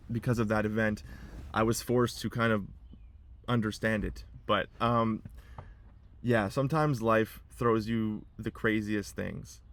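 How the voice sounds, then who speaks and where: Young adult man, lowish voice, vlogging from his car; rambling, emotional, on the verge of tears. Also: creaky. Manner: rambling, restarts and repeats himself. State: emotional, holding back tears. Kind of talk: personal vlog monologue.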